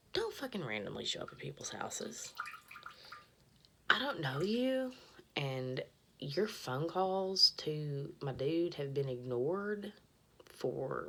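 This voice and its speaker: Woman, low voice, casual storyteller, profane, slips into whispers. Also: creaky. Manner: profane, rambling, drops to a whisper when retelling. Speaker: podcast host.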